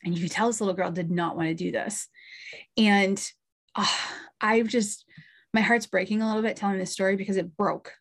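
A woman's voice: medium pitch, fairly even intonation, fairly quick. Chatty woman medium telling a story. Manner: chatty, with frequent asides and small laughs. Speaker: medium and podcast host. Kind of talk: storytelling monologue.

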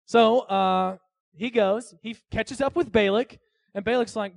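Male pastor, casual joking sermon, high voice, dry sound. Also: unhurried, creaky, dry recording. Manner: casual, joking storytelling with asides to listeners.

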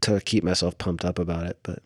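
A man's voice: sits low, little pitch movement, fast talker, no room sound, studio quality. A man co-hosting a podcast in casual chat, rambling and loose, full of "like" and "I don't know". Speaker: podcast co-host.

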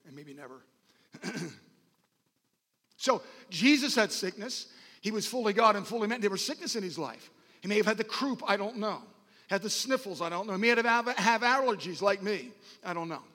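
A man's voice: high-pitched, bright, forceful tone. A man preaching a sermon to a congregation in a folksy, rambling way, with joking asides. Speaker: pastor. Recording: long reverb of a large hall.

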